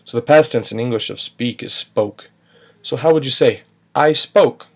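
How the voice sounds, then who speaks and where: A Spanish teacher with a medium-pitched voice and moderate pace gives a recorded grammar lesson. He patiently spells out verb endings step by step and sings a short chant.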